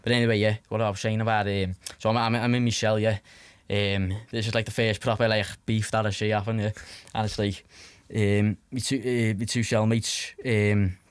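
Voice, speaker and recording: A man's voice: lowish voice, flat delivery, moderate pace, hardly any pauses, clear, resonant tone, no echo. A young man in his twenties with a Scouse accent, telling stories as a podcast guest in a rambling way, full of "like" fillers and swearing. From Liverpool, England. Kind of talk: casual anecdotal storytelling.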